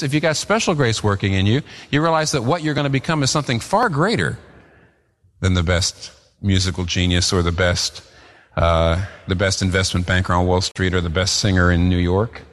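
A man preaching a sermon as pastor, earnest and emphatic, his pitch rising and falling as he presses his points. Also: a bit bright, in a large hall.

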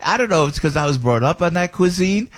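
A man hosting a morning radio show, exuberant and quick to laugh, often repeating himself. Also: on the high side, animated. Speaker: radio host. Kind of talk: casual radio chat. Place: radio studio.

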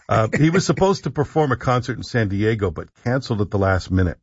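Husky radio host, dry wit. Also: male voice, on the low side, lively intonation, fast, dry recording, muffled recording. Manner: wry, joking, mock-earnest advice. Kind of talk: casual talk radio banter.

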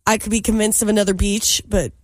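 A woman's voice: mid-range voice, flat delivery, fast, dry recording. A woman co-hosting a radio show, answering casually with emphatic, joking enthusiasm. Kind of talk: casual on-air chat.

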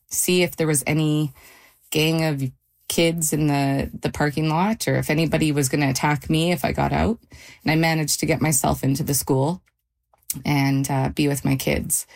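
A mother in an interview, calmly recounting a frightening event in a measured, halting way with pauses and restarts. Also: low voice. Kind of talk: personal account in a radio interview.

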